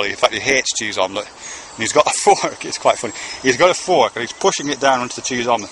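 With noise in the background, a man's mid-range voice carries a meandering talk aimed at his son. He addresses the camera conversationally and swears casually from time to time.

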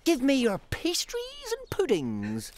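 A woman voicing a greedy, boastful male rat highwayman, demanding and gloating. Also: wildly swooping pitch, slow, background noise, heavily acted.

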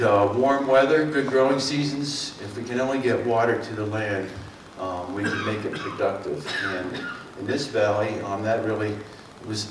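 Standing well back from the mic in an echoey meeting room, a middle-aged man with a Philadelphia and South Jersey accent talks to a community forum on behalf of a water district. He's from the Mid-Atlantic US, and his mid-range delivery is folksy and rambling, packed with fillers and self-corrections. A faint room hum sits in the background.

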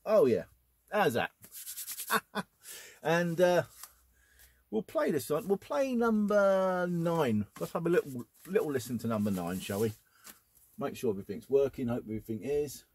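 A man talks on camera in a chatty, eager way, his voice husky. His pitch swings up and down, giving his talk a lively lilt. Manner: chatty and enthusiastic. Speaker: record collector vlogger. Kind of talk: casual chat.

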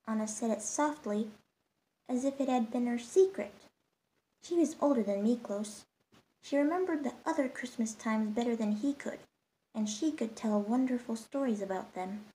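A woman storyteller narrating a holiday storybook tale in a gentle, steady way. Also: on the high side, normal speed, rough recording.

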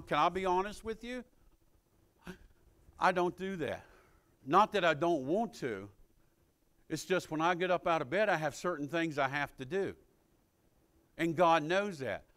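A man preaching a sermon in a folksy, informal way, repeating phrases and building to fervent call-and-response shouts. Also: on the high side.

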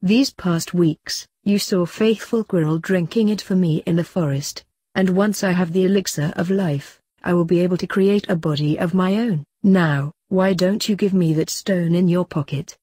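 A woman voicing a cold, menacing male dark lord in a storybook reading, speaking slowly and evenly. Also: on the low side, breathy edge, no room sound.

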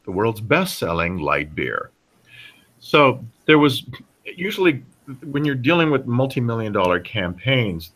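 A middle-aged man, a voice actor guest on a podcast, telling animated stories with a lot of halting restarts. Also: lowish voice. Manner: animated storyteller with many restarts. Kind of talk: casual podcast interview.

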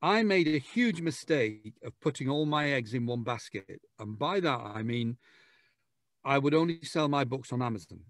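A man, a guest author chatting on a podcast and telling jokey, lively stories. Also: mid-range voice, normal speed, no room sound, clean studio sound. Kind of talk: casual podcast chat.

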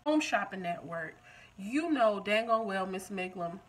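A woman gives a casual TV recap, joking and talking back at the screen. Her pitch swings up and down a lot as she goes. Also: measured pace, poor audio. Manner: animated, joking, talks back to the show. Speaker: TV recap vlogger. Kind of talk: casual TV episode review.

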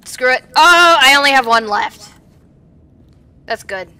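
A woman commentating while she plays a horror game, jumpy and swinging between hushed muttering and panicked yelling. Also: sits high, expressive, unhurried, smooth, no echo. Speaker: gaming video creator.

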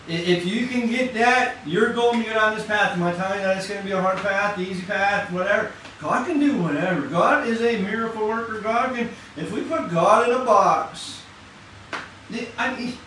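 Man, high voice, excited casual preaching, heard from far off in a very echoey church hall. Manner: excited, fast, conversational with slang. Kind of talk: informal sermon. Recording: echoey room from far off, faint noise.

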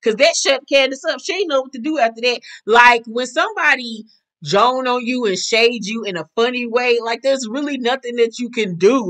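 A woman hosting a reality TV recap, talking in a sassy, animated way and using lots of slang. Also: fairly high pitch, normal speed. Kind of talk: casual recap commentary.

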